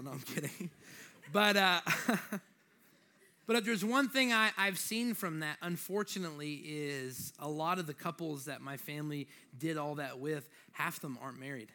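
A young male preacher with a slight lisp and a fairly high voice. He talks to the congregation in a loose, joking way, then presses his points with rising emphasis. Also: unhurried, pushed and bright. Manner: conversational, joking, building to emphatic exhortation. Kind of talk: sermon.

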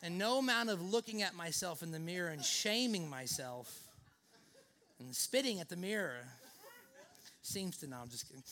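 A man's voice: high voice, lively intonation, normal speed, sharp tone. A male pastor preaching a sermon in an earnest way, leaning often on the word "actually".

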